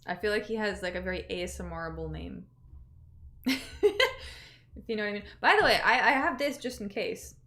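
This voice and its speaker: A woman's voice: medium pitch, fairly quick, long pauses, bright, forceful tone. A woman hosting a casual livestream, chatting loosely with many fillers and reading out viewer messages. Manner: chatty, reads out chat messages, lots of fillers. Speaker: livestream host.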